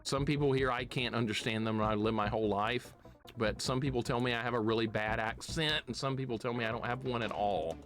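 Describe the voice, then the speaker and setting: Male streamer, slight Southern US accent, excitable live play commentary, soft game music underneath. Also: medium pitch, fairly quick. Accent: slight Southern US city accent. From southeastern United States. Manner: chatty, excitable, laughs often, greets chat.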